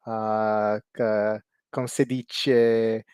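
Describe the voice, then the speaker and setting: A man putting on an Italian accent to voice a young Italian boy pen pal who speaks in slow, halting, overly polite broken English. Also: lowish voice, flat delivery, a little mellow, smooth, no echo, studio quality. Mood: mock-polite. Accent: put-on Italian accent.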